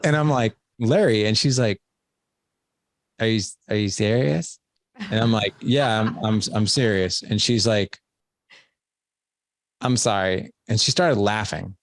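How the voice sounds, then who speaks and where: Podcast host guy telling a story, lowish voice, dry close mic. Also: a little slow, pauses often, dry recording. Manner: animated storyteller who acts out quoted dialogue. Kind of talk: casual interview chat.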